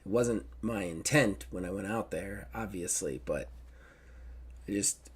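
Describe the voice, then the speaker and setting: A man running a tabletop game as game master, narrating scenes in a jokey, animated way. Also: low voice, measured pace, husky.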